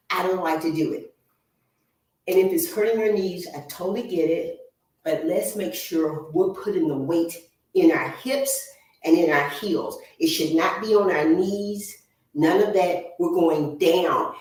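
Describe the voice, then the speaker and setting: A woman fitness instructor guides a workout at an unhurried pace, counting down reps and coaching posture with steady encouragement. Her voice sits a little away from the mic. The room around her rings with heavy echo. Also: mid-range voice. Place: home exercise room. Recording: echoey room, voice from far off.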